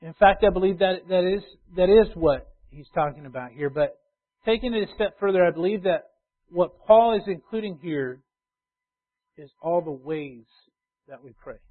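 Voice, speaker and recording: Man, pastor, sermon, high-pitched, loud urging then quiet asides, tinny phone-quality sound. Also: expressive, moderate pace.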